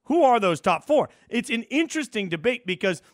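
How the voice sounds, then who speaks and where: A man hosting sports talk radio, animated and opinionated, stirring up debate with his co-host. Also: sits high, brisk, no room sound, clean studio sound. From Las Vegas.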